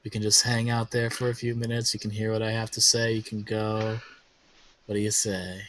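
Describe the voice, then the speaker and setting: A man doing a deep sleazy wheedling schemer. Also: flat delivery, moderate pace, a bit bright, a little hiss or hum, natural voice. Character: sleazy male human schemer, pushy and greasy.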